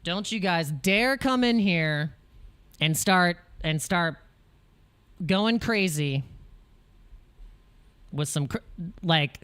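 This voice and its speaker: A man's voice: high voice, lively intonation, extremely slow, pauses often, a bit bright, smooth. An American man hosting a crypto livestream in casual chat, rambling and joking, with frequent laughs and restarts, jittery from espresso. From United States.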